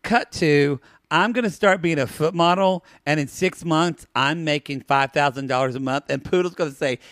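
A man co-hosting a podcast in casual chat, animated and playful, jumping into high-pitched quoted voices. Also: normal speed, dry recording, studio quality. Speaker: podcast co-host.

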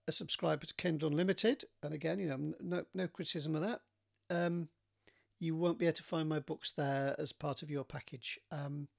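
Gravelly man chatting casually. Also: on the high side, darkish tone. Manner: hesitant, many ums and restarts. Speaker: author talking to readers. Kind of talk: casual solo chat.

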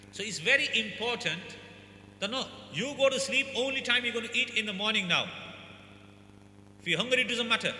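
A man's voice: very high voice, bright, forceful tone. A man giving an emphatic sermon to a congregation, repeating his points and acting out parents and children. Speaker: Islamic scholar giving a talk. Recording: echoey hall with faint hum.

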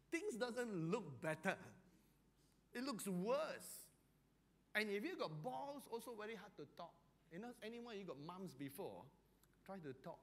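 Guy preaching, cracks jokes n chuckles, real bright sharp voice. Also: sits high. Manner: humorous, chuckling storyteller. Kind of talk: sermon.

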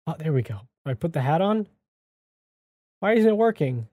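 Guy doing lets-play commentary, super animated voice swinging all over, yelps and shouts when stuff happens, desk mic. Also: fairly high pitch, moderate pace, long pauses, slight background noise. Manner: excitable, yelps and shouts at surprises. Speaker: gaming channel host. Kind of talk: let's-play game commentary. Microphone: desk microphone.

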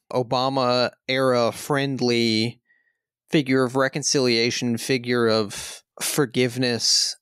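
A man's voice: mid-range voice, a bit bright, clear, resonant tone, no room sound, studio quality. A man hosting a film podcast, talking in a wry, rambling, jokey way. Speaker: podcast host. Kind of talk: casual film podcast chat.

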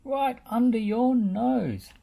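An eager, helpful talking digger from a children's book, as a woman reads him aloud. The voice is low and mellow with a soft, breathy edge. He chugs along slowly, with a lively rise and fall. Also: heavily acted. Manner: upbeat, chugging storybook voice.

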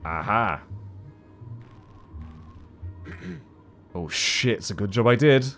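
Animated man commenting on gameplay. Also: lowish voice, takes it slowly, faint music behind. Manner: animated, chatty, swears casually. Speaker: let's play host.

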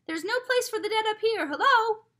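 A man's voice: high-pitched, big pitch swings, brisk, creaky, breathy edge, exaggerated voice. A woman reading aloud gives voice to a stern, blustering old grandfather. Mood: angry shouting. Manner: indignant, shouting at a stranger.

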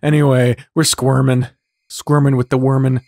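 A man's voice: mid-range voice, level tone, moderate pace, creaky, a little mellow, dry recording. A man hosting a let's play, reading a visual novel aloud and commenting casually, swearing a lot in a laid-back, rambling way.

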